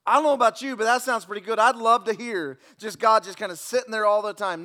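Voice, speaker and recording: A male pastor preaching a sermon, telling stories in a lively way with jokes, repeated words and sudden drops to a near hush. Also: high voice, quick pace, few pauses.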